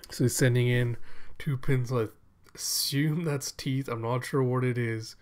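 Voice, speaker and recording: A man casually reading a comic aloud, describing the panels in a slow, amused way. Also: medium pitch, steady tone, darkish tone. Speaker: comic reader. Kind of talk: casual read-aloud narration.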